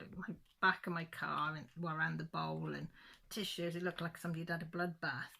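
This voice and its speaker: A middle-aged woman, a crafting channel host, chatting casually and telling a rambling, animated story full of quoted dialogue. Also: sits low, gravelly.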